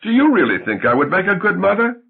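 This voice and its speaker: A man voicing an emotional young wife, tender and anxious, whose voice rises with excitement, in a tinny, phone-like recording. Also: sits high, quick pace, vocal fry, breathy edge, voice pushed up, full character voice. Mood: hopeful.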